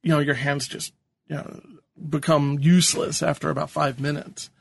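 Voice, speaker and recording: A man's voice: on the high side, little pitch movement, normal speed, creaky. A man co-hosting a podcast in casual chat, hesitant, with many ums and laughs at himself. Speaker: podcast co-host.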